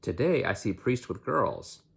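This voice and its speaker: A man doing a loud, teasing army captain. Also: medium pitch, very animated, gravelly, slightly rough, pitched above the performer's own voice, exaggerated voice. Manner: loud, slow, clipped broken phrases. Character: blustering male army captain teasing in broken speech.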